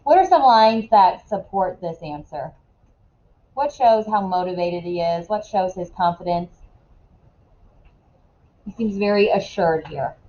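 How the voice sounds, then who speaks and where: A woman's voice: on the low side, animated, dark tone. Casual woman teacher, muffled classroom recording. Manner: casual, asks many quick questions, frequent "right?". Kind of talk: classroom lesson, questioning students.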